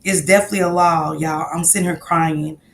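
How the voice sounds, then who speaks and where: A woman talks straight to her live-stream audience, pausing to greet viewers by name. Her voice is bright and edgy with a gravelly fry, over a faint low rumble. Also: fairly even intonation. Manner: emotional, reads viewer comments and greets viewers. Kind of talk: casual live-stream commentary.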